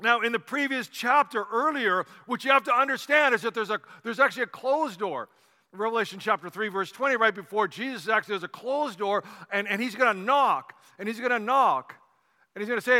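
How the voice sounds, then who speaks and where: Bright-voiced male preacher in a hall. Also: sits high, fairly quick. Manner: animated storytelling, conversational asides. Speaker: pastor. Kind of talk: sermon.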